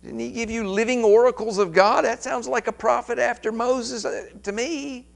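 A man's voice: very high-pitched, fairly even intonation, moderate pace, gravelly. A man preaching an expository sermon, reading scripture aloud and then commenting with rising emphasis.

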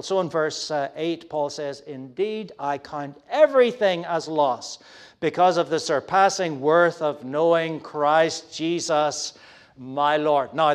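Emphatic preacher man. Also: on the high side. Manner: emphatic, many fillers and restarts; swings from soft to loud for emphasis. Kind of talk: sermon.

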